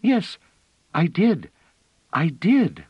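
An eager little girl bursts out in high, breathless cries, put on by a man reading aloud. Her voice jumps up squeaky and loud. She sounds insistent and restless, with no patience for waiting. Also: sing-song, unhurried, no room sound, dull audio, exaggerated voice. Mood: excited.

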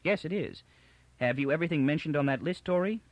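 Guy putting on a bossy take-charge woman, raised pitch, lively. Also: fast talker, dry recording, close to an everyday voice. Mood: brisk. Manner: decisive, scolding. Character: brisk, bossy, caring young woman.

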